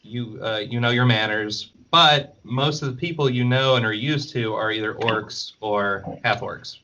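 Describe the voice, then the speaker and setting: A man narrating a tabletop game as game master in relaxed, descriptive style. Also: mid-range voice, unhurried, muffled recording.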